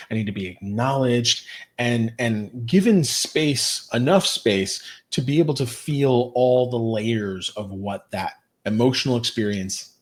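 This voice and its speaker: A man who co-founded a youth program, explaining ideas as a guest in an animated way with lots of "like" asides. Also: medium pitch. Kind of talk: podcast interview.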